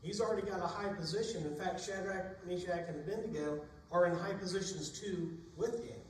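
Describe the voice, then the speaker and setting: A male preacher with a high-pitched, brisk voice retells Bible stories in plain everyday language during a sermon in a church sanctuary. The room is echoey, the mic is distant, and there's a slight hiss or hum.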